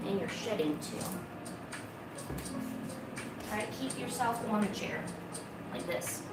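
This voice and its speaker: This woman's medium-pitched voice is animated, though she takes her time. Drawing on a home stream with lo-fi music behind her, she chats casually, rambles through plenty of fillers, and breaks off now and then to coax her cat.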